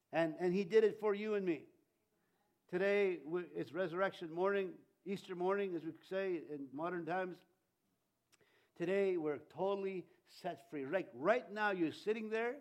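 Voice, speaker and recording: A middle-aged male pastor giving a conversational Easter sermon, animated with jokey asides and audience questions. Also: sits high, moderate pace.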